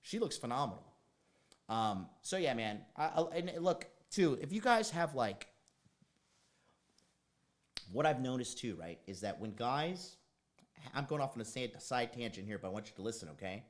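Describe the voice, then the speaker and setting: Casual male dating coach host, loose and profane, drifts into tangents, animated voice. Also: medium pitch, moderate pace, long pauses. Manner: rambling, tangent-prone, blunt and profane. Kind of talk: casual livestream monologue.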